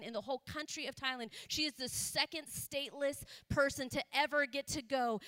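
A woman's voice: high-pitched, a bit bright, clean tone. A woman missionary giving a sermon testimony, telling an emotional story with laughter and moments of choking up. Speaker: missionary speaker.

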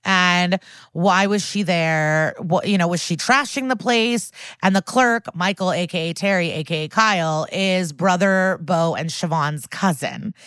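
Lower-voiced woman recapping with animation. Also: clear, resonant tone, no room sound. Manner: animated storyteller, quick recap. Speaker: podcast co-host. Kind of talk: casual chat recapping a TV episode.

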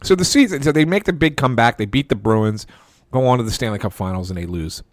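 Animated man telling a sports anecdote. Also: medium pitch, fast, no echo, studio quality. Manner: animated anecdote with quoted voices; restarts and stammers. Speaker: sports reporter. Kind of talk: casual storytelling.

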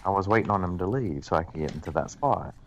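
A man's voice: sits low, animated, fast, slight background noise. A man on a podcast telling a long, profane story to friends in casual chat. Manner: rambling, profane anecdote-telling. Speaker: podcast co-host.

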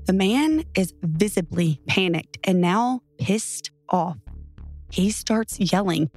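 A woman's voice: mid-range voice, animated, takes it slowly, a little mellow, faint music behind. Woman narrating a true horror story.

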